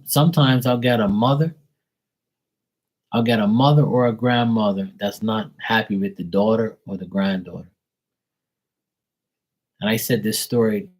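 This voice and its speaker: A man's voice: lowish voice, a little mellow, husky, low-quality recording. A man, a tarot reader, telling stories casually on a live stream, blunt and profane.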